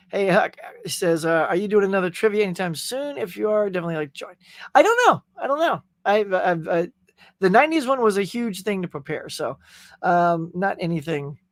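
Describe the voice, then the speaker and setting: A man's voice: sits high, fairly bright tone, dry recording. A man hosting a casual live stream, chatting energetically and greeting viewers by name. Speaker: host. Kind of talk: casual livestream chat.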